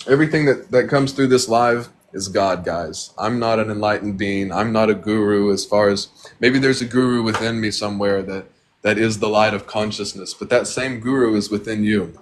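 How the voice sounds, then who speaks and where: Earnest low-voiced man on a livestream. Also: a little hiss or hum. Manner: earnest and grateful, rambling with filler words. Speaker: livestream host. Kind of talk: casual devotional livestream talk. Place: at home with pet birds.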